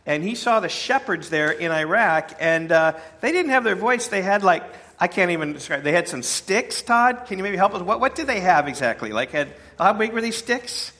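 Bright-voiced male pastor preaching. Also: high voice, animated, moderate pace, few pauses. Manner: conversational, with fillers and playful asides to the congregation. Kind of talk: sermon.

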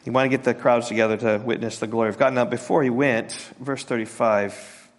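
A man preaching a sermon as a pastor, halting and repeating words, sinking to a soft hush on tender points. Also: medium pitch.

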